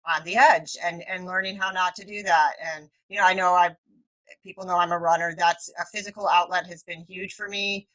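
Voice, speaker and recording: A woman's voice: fairly low pitch, fairly even intonation, fairly quick, fairly bright tone, poor audio. A woman hosting a talk over a video call, reflective and often correcting herself mid-sentence. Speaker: host. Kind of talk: casual conversation.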